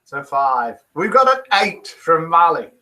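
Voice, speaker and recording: His slightly high voice swings widely in pitch at a measured pace, bright and forceful, though the audio is poor. He's a British man in his fifties hosting a live daily show, reading out viewers' comments and jokes with chatty self-mockery and put-on voices.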